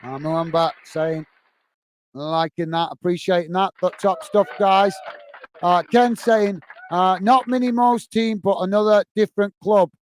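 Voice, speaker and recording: With a high voice, fairly even intonation, and an unhurried delivery, a male livestream host reads chat messages aloud during a live football watch-along. He responds in a casual, friendly, chatty manner. A little hiss or hum is audible.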